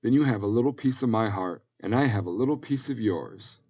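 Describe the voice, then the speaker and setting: A man voicing a loving older woman who tucks a young foster boy into bed, speaking gently and soothingly. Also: on the low side, expressive, a little fast, slightly rough, voice pushed up. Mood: tender.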